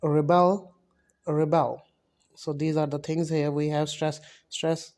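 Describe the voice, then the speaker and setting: A man teaching a spoken English lecture over slides, halting and often correcting himself as he explains. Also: fairly high pitch, monotone, warm tone, a little hiss or hum. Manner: halting, self-correcting, repeats words while explaining.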